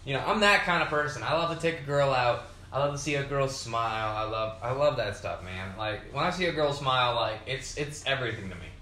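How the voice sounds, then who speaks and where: A man's voice: medium pitch, lively intonation, a little fast, hardly any pauses, pushed and bright, slight background noise. A young man hosting a podcast, tipsy from beer, rambling through a casual monologue full of swearing and fillers. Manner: profane, meandering, frequent fillers. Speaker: podcast host. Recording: roomy echo.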